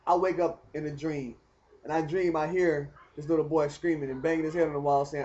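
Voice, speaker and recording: A man telling a rambling personal story in casual, animated talk. He speaks straight to the viewer and keeps asking whether they follow. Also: fairly high pitch, brisk, muffled recording. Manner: animated, talks straight to the viewer, keeps asking "you know what I mean". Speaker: vlogger telling his story.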